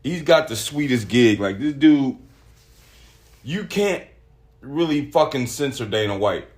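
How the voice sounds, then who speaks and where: A man hosting a solo podcast, talking casually with lots of swearing and reading articles aloud in an animated way. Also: mid-range voice, a little slow. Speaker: podcast host.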